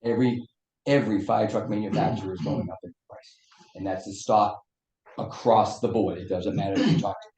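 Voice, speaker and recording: Hoarse, low-voiced fire chief. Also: male voice, steady tone, fairly quick, mellow. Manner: earnest, explains at length with small restarts. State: hoarse, losing his voice. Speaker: fire chief presenting a budget request. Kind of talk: public meeting testimony. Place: town meeting room. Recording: echoey meeting room.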